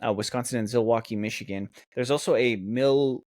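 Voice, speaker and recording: A man's voice: mid-range voice, fast, darkish tone, no echo, studio quality. A young man co-hosting a comedy podcast, joking, swearing and reading facts aloud in casual banter. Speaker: podcast co-host.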